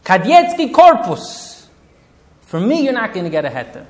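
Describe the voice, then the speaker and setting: A male rabbi voicing a stern elderly rabbi who shouts an angry refusal. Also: sits high, huge pitch swings, normal speed, roomy sound, in a large hall, voice pushed up. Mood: furious refusal. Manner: shouting, table-pounding.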